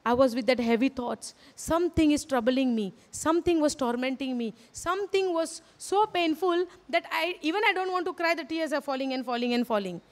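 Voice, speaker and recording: A woman's voice: high-pitched, lively intonation, a little fast, hardly any pauses. A woman with an Indian English accent preaching a sermon, earnest and repetitive, often asking her listeners questions. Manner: earnest, repeats phrases, asks the audience questions. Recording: hall reverb.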